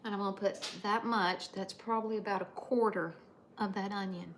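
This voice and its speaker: An older woman with a drawl talks to her viewers by name as she cooks. Her voice sits at an ordinary pitch, and her talk is easy and motherly. A faint hum of her home kitchen is heard behind her. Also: fairly even intonation, moderate pace. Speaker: livestream host. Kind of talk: casual cooking livestream chat.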